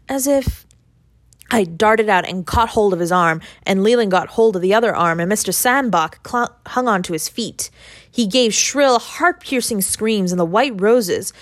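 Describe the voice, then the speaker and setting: A woman narrating a classic short story as an audiobook, in a measured, even reading. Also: medium pitch, no echo. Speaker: audiobook reader.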